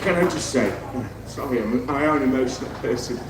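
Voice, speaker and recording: A man's voice: medium pitch, brisk. A man, a former footballer, giving a heartfelt, repetitive speech on an outdoor festival stage. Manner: heartfelt, repetitive, rising to impassioned. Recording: echoey outdoor PA, distant, noisy crowd.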